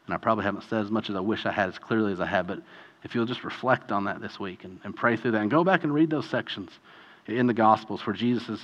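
A man preaching a sermon in a conversational, animated way, often acting out quoted voices. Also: fairly low pitch, fast, dull audio. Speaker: pastor.

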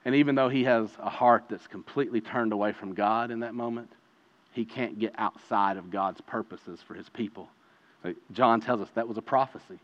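A man preaching a conversational sermon as pastor, earnest and emphatic, moving between hushed and loud delivery. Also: on the low side, normal speed. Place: church sanctuary. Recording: reverberant hall, dull lo-fi sound.

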